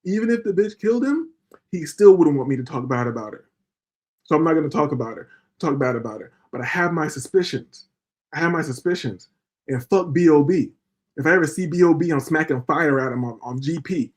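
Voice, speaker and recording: A man's voice: fairly high pitch, fairly quick. A man hosting a livestream, ranting in a profane, fired-up way and repeatedly asking rhetorical questions. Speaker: livestream host. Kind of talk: heated livestream rant.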